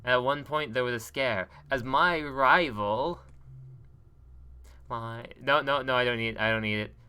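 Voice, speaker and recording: A man's voice: medium pitch, measured pace, pushed and bright, clear, resonant tone. A man recapping a tabletop role-playing session in a rambling, joking way, laughing often as he goes. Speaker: player recapping the story. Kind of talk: casual tabletop game recap.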